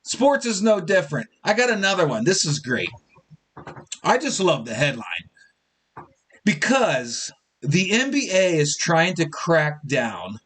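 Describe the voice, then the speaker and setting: A lively man rants through his sports talk show with a high, bouncing voice. He jokes his way along, a little tipsy and loose, and his pitch leaps all over when he gets going. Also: unhurried. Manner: animated, joking, mimics fans in quotes. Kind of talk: casual sports talk monologue.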